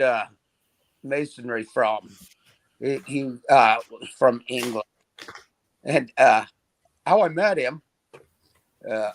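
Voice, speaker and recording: A man co-hosting a podcast in casual chat, with a creaky, gravelly voice. He rambles through stories with heavy swearing and stammering restarts. His pitch sits in the middle range. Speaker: podcast co-host.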